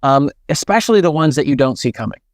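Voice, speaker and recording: A man's voice: fairly high pitch, expressive, quick pace, no echo, studio quality. A man hosting a podcast interview, talking enthusiastically and loosely with fillers as he sets up questions. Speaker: podcast host.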